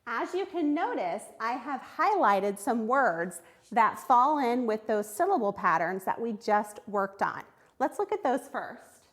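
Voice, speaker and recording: Slow, clear-spoken woman teaching phonics. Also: a little high. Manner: slow, clear, encouraging, sounds out words. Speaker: third grade reading teacher. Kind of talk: recorded phonics lesson for children.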